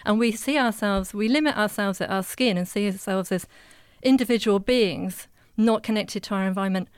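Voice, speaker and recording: A woman, a guest who talks with animals, explaining her views in a calm, earnest way. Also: medium pitch, normal speed, clear, resonant tone, no echo, studio quality. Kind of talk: casual chat.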